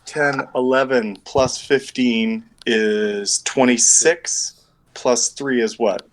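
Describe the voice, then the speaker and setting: A man's voice: medium pitch, fairly even intonation, slow, slight background noise, poor audio. A man running a tabletop game as game master over an online call, rambling and thinking aloud as he works out dice math.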